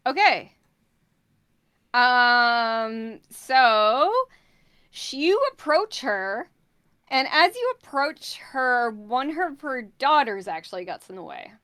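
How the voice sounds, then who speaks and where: A woman's voice: on the high side, big pitch swings, slow, bright, forceful tone, clean tone, dry recording, clean studio sound. A young adult woman narrating as game master in a tabletop game, casual with many fillers.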